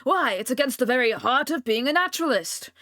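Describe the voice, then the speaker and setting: A woman's voice: high voice, lively intonation, fairly quick, fairly bright tone, no echo, clean studio sound. A woman voicing a pompous old male explorer with a put-on British accent, blustering and grandiose. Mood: indignant. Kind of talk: stream read-along voice acting.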